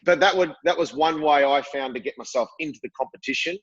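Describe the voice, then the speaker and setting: A middle-aged man as a podcast guest, telling lively stories and acting out what people said. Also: on the high side, fast talker, slightly rough, highs cut off. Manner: lively storyteller, acts out quotes. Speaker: guest, former cricketer. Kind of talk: casual interview chat.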